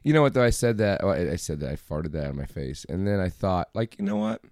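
A man's voice: low voice, lively intonation, fast talker, a little mellow, no echo, studio quality. A man co-hosting a podcast in casual chat, sarcastic and heavily profane. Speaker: podcast co-host.

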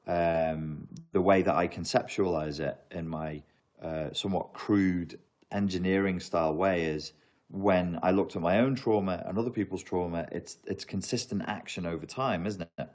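Deep-voiced man chatting on a livestream. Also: steady tone, normal speed, darkish tone. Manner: jokey, laughs often, reads out chat questions. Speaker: livestream host answering viewer questions. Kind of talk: casual livestream chat.

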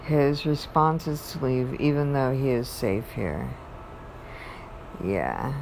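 Woman, low-pitched voice, slow delivery, rambling halting faith talk. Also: expressive, vocal fry, a little mellow, slight background noise. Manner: rambling, halting, restarts mid-thought.

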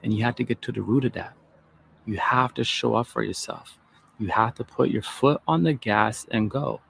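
A man with a gravelly voice giving a punchy, direct motivational speech in a played clip. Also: medium pitch, normal speed, a bit bright, slight background noise. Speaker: motivational speaker.

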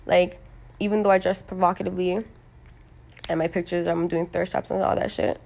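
Gravelly, hoarse young woman ranting bluntly. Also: lowish voice, level tone, fairly quick, a little mellow. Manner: blunt, profane, emphatic, with many likes and you-knows. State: hoarse from smoking. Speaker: solo monologue recorder. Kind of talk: rambling casual monologue.

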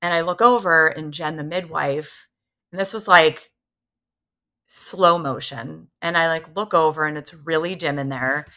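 A woman's voice: low voice, normal speed. A woman in her thirties, a podcast guest, telling a personal story candidly and acting out what others said. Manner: candid, animated retelling that acts out what others said.

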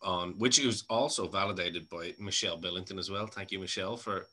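A chatty Irish man hosting a casual podcast conversation. His voice sits a little low and has a bright, forceful edge. He laughs often and swears freely. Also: fairly even intonation, brisk. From Ireland. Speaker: podcast host. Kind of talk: casual interview chat.

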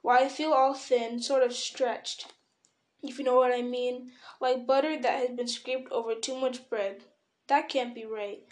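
Storybook: a woman voicing a fussy, stubborn old hobbit, fretful and defensive, fairly high voice. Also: fairly even intonation, a little slow, lightly acted. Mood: weary. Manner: fretful, turns sharp and defensive. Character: elderly male hobbit, fussy, stubborn, possessive.

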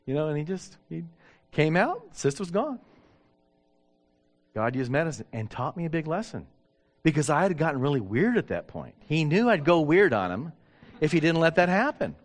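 A middle-aged man, a pastor, telling stories in a sermon, acting out dialogue with self-deprecating humor. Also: mid-range voice. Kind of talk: sermon storytelling.

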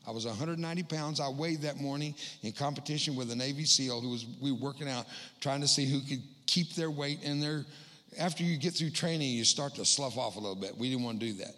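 Speaking as a guest in a church hall, this middle-aged man delivers a funny personal testimony packed with quick jokes at his own expense, his medium-pitched voice bright and forceful. A long hall reverb trails his words.

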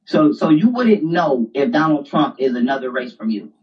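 A man's voice: mid-range voice, lively intonation, normal speed. Insistent lecturing man, distant dull mic. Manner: insistent, repeats himself, lectures. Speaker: debater. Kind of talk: heated casual argument.

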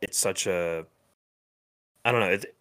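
A man with a fairly low voice co-hosts a podcast in easy conversation. He hesitates constantly, restarting his sentences and chuckling between thoughts. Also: a bit bright, smooth. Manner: halting, many fillers and restarts, laughs often. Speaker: podcast co-host. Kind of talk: casual chat.

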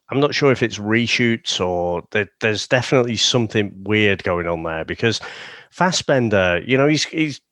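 A man's voice: medium pitch, fairly bright tone, dry recording. A man co-hosting a casual movie review chat, talking in rambling runs with many fillers and restarts. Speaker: podcast co-host.

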